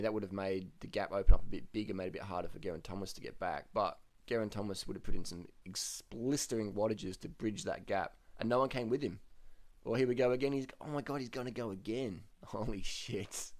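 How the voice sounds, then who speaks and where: A man giving loose, profane commentary over cycling race footage, his voice jumping up high when he gets excited. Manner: swears often, voice jumps up when excited.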